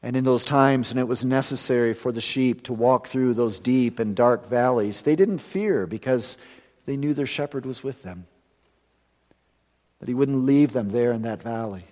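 A man preaches a Sunday sermon with a voice pitched in the middle. He swings between emphatic, ringing lines and quiet, hushed endings. The sound carries a long reverberant tail from the church around him. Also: moderate pace. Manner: earnest, rising to emphatic then dropping to hushed.

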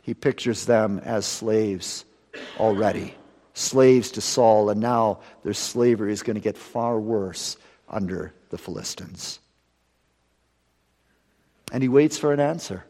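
Man preaching in an echoing hall. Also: fairly low pitch. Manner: dramatic preaching, slowing for emphasis and rising to loud peaks. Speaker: pastor. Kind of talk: sermon. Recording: long hall reverb.

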